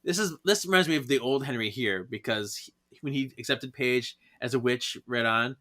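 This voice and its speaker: A man's voice: medium pitch, normal speed, bright, forceful tone. A man co-hosting a podcast, chatting casually as he recaps a comic and giggles at it. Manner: giggly, acts out quoted lines. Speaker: podcast co-host.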